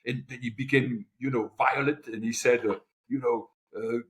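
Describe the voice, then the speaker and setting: An older man, a podcast guest telling animated stories with many restarts. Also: mid-range voice, normal speed, hardly any pauses. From Europe. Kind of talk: anecdotal storytelling.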